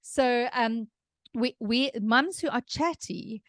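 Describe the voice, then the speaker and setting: A woman's voice: fairly high pitch, takes it slowly, no room sound, clean studio sound. Chatty South African woman explaining. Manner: chatty, explanatory, laughs easily. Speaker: podcast host, parenting expert. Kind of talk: casual advice chat.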